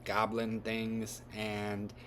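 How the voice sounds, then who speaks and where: A man's voice: on the low side, monotone, very slow, fairly bright tone, slight background noise. A man retelling a story from memory in a casual, rambling way with loose grammar and lots of fillers.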